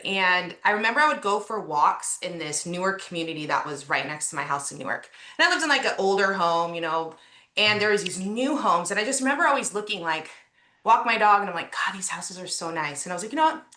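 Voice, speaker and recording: A woman's voice: medium pitch, sharp tone, roomy sound. A woman real estate agent on a video call, telling a personal story in a heartfelt, chatty way with many fillers.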